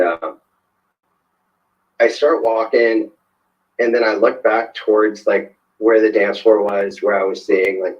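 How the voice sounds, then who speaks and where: A man, a podcast guest, telling a personal story in a conversational way, hesitant, with many fillers and restarts. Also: fairly low pitch. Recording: dull lo-fi sound.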